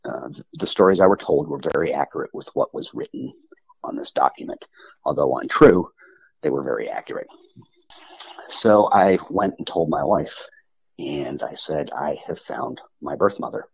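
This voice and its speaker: Deep, raspy male guest, halting storyteller, dry close muffled recording. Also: no room sound. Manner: halting, with frequent restarts and pauses. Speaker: interview guest telling his story. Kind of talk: personal storytelling. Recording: muffled lo-fi audio.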